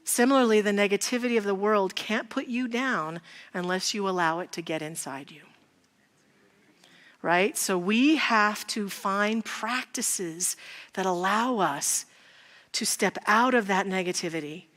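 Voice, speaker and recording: A woman's voice: medium pitch, a little slow. Woman preaching in a reverberant church. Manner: warm conversational storytelling, rhetorical questions. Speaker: minister. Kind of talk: sermon. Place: large church sanctuary. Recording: long hall reverb in a church.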